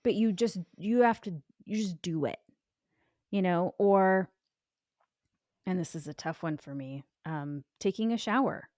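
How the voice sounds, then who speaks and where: A woman co-hosting a podcast, speaking reflectively and haltingly in a candid chat. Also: lowish voice, a little mellow, no echo, studio quality. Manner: reflective, halting, many fillers. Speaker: podcast co-host. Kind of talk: candid casual conversation.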